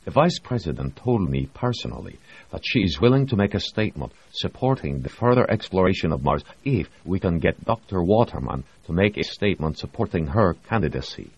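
Brumado, a gentle and earnest official, played by a male audiobook narrator. He speaks softly with measured calm, his husky voice lifted a little. The sound is dry and a bit dull. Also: low-pitched, no room sound, voice pushed up, exaggerated voice. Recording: dry, slightly muffled audio.

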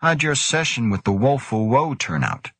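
A man's voice: medium pitch, big pitch swings, moderate pace, fairly bright tone, breathy edge, no room sound, voice pushed up, full character voice. A man doing a teasing, grinning scientist. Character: grinning, gossipy male scientist.

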